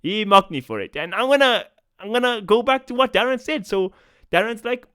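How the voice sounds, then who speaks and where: A man's voice: sits high, animated, brisk, bright, forceful tone, clean tone, dry recording, studio quality. A young South African man with a South African accent, ranting in a profane, casual-slang commentary vlog. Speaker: esports commentator.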